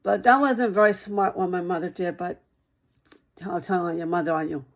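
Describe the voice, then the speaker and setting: A woman's voice: on the low side, normal speed, lo-fi sound. A woman talking straight to one listener in a rambling monologue, repeating herself and circling back over the same points.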